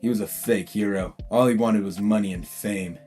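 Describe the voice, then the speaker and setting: A man's voice: fairly low pitch, fairly even intonation, normal speed, darkish tone, faint music behind, natural voice. A man voicing a cold, scornful adult male villain who hunts heroes.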